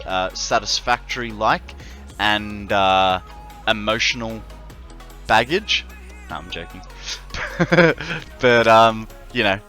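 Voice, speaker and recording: A man's voice: lowish voice, sharp tone. A man streaming a game, chatting casually and jokingly with viewers, full of fillers. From Australia. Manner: rambling, filler-heavy, joking with chat. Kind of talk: casual live-stream chat. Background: faint background music.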